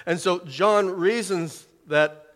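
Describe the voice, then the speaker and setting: A man preaching a sermon in short, emphatic phrases, swelling loud and dropping soft as he reads scripture. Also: high-pitched, takes it slowly, in a large hall.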